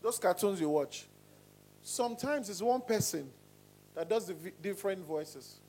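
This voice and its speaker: A singing coach with a fairly high voice runs a lesson, animatedly demonstrating voices with sudden pitch swings and shifts between loud and quiet. He checks often that the class is keeping up and talks a little slowly. The recording is low quality with a faint hum.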